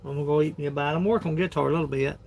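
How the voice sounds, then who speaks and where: A man's voice: a little high, fairly even intonation, very fast, vocal fry, a little mellow, slight background noise. A man, chatting casually on a phone livestream in a rambling, folksy way, laughing often. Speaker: livestream host.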